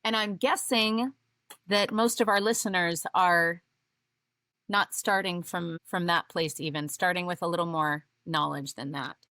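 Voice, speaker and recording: A woman's voice: lowish voice, steady tone, a little slow, bright, forceful tone, dry recording. A middle-aged woman co-hosting a podcast, talking earnestly and reading book passages aloud. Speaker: podcast co-host. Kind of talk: casual podcast conversation with read-aloud passages.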